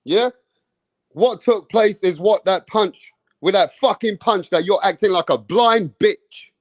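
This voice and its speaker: A man's voice: high-pitched, unhurried, no room sound. A man giving an angry, mocking, profane rant about a boxing match, full of slang. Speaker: boxing commentator.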